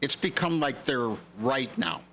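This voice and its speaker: A man's voice: mid-range voice, expressive, measured pace, a bit bright, slight background noise. A man co-hosting a call-in radio show, chatting casually and giving his opinions freely. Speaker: radio co-host.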